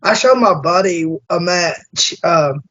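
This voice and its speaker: A man hosting an interview, chatting casually and excitably with plenty of swearing. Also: high voice. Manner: excitable, profane, fast bursts. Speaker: interview host. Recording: dull lo-fi sound.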